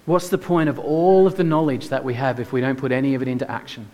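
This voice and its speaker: A man's voice: mid-range voice, steady tone, fast talker, mellow. Man preaching in a reverberant church. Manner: earnest, emphatic rhetorical questions. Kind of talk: sermon.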